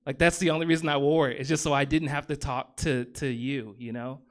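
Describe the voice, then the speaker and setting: A man's voice: medium pitch, fairly even intonation, brisk. A man in his thirties doing stand-up comedy on a theater stage, rambling and self-deprecating, with lots of fillers and restarts.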